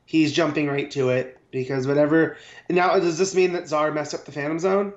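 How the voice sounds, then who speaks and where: A man co-hosting a casual comic book review podcast, giving his opinions in a relaxed, agreeable way. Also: on the high side, normal speed. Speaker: podcast co-host. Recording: roomy, dull lo-fi sound.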